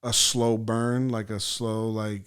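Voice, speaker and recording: Man, from El Salvador, podcast guest, low-pitched, cursing, animated storytelling. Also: slow, clean tone. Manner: profane, animated storyteller acting out his own thoughts. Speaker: podcast guest, actor and writer. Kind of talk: casual storytelling chat.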